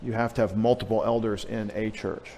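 A man's voice: fairly low pitch, flat delivery, a little fast, a little mellow, in a large hall, a little hiss or hum. A male pastor preaching a conversational teaching sermon, asking rhetorical questions and restarting phrases as he explains.

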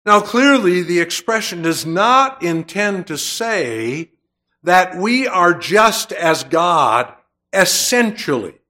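A male preacher delivers a sermon slowly and deliberately, pausing between thoughts and letting key phrases swell with heavy emphasis. His voice is a bit high for a man, and his tone is very animated, bright, and forceful.

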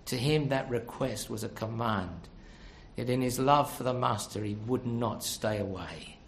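Earnest preacher in a roomy church. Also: male voice, medium pitch, fairly bright tone, slight background noise. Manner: earnest, swelling to fervent emphasis. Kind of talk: sermon. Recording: echoey room.

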